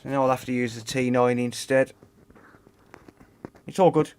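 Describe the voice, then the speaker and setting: Black Country man, casual live-stream host, mid-pitched, laughs a lot, chats with viewers. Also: fairly even intonation, moderate pace, darkish tone, clean tone. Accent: Black Country English. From England. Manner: chatty, laughs often, talks to chat by name. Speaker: livestream host. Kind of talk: casual live-stream chat while repairing.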